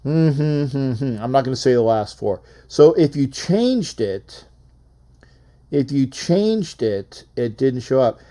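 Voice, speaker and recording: A man's voice: medium pitch, expressive, takes it slowly, mellow. Rambling male call-in show host. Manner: rambling and repetitive, reads out phone numbers. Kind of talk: casual live call-in sports chat.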